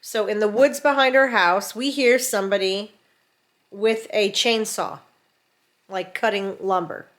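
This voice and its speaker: Woman, middle-aged, casual storytelling, animated, acts out quotes, recorded at home, mid pitch. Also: a little slow. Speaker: vlogger. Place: home in rural mountains.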